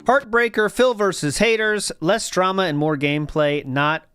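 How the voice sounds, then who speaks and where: A man's voice: high voice, moderate pace, fairly bright tone, clean tone, soft background music. A man hosting a stream, reacting to clips with mocking asides and reading out chat messages. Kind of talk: sarcastic reaction commentary.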